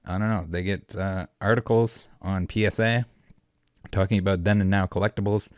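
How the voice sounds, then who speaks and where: Deep-voiced man with a rambling, sarcastic delivery. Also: steady tone, normal speed, no echo, clean studio sound. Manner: rambling and sarcastic, many filler words. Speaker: collectibles channel host. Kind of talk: casual commentary vlog.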